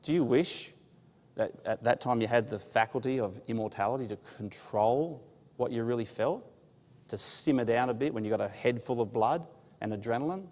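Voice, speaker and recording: A man's voice: mid-range voice, moderate pace, darkish tone. Guy giving a bible class talk, chatty and funny, quizzes the room, big hall echo. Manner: conversational storytelling with humor; asks the audience questions. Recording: long hall reverb.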